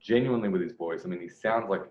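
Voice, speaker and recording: Rambling man, lowish voice, echoey. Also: fast. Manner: rambling, self-correcting, repeats phrases. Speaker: dating coach commenting on a clip. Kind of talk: video commentary. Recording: echoey room, dull lo-fi sound.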